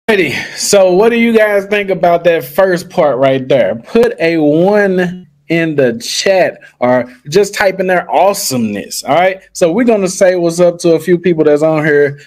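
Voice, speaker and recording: A man's voice: on the high side, a little mellow. A man running a live online tutorial, chatting with viewers in a hyped, slangy way. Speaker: online business coach.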